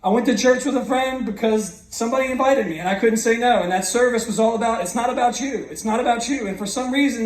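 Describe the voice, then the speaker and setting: A man in his thirties giving an earnest motivational speech to a graduating class, telling his own story with frequent restarts. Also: very high-pitched. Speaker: guest speaker. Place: large school hall. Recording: echoey hall from far off.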